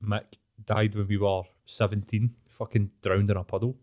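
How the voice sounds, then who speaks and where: A man's voice: lowish voice, level tone, normal speed, darkish tone. A Glaswegian man in his late thirties, hosting a podcast, telling school stories in casual, sweary chat with frequent laughs. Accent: Glaswegian Scottish. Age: late 30s. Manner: sweary, storytelling, laughs often. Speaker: podcast host.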